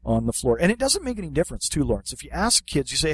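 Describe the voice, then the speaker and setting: Animated man telling a story. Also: fairly high pitch, racing, husky. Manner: animated anecdote telling with many fillers. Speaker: podcast co-host, martial arts instructor. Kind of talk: casual storytelling chat.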